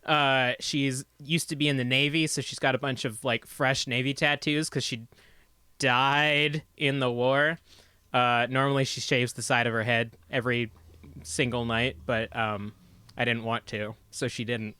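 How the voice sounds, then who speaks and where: A man's voice: medium pitch, level tone, unhurried, bright, forceful tone, clean tone, no echo. A man introducing his character as a player in a tabletop game, joking and laughing between phrases. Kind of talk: casual live-stream chat.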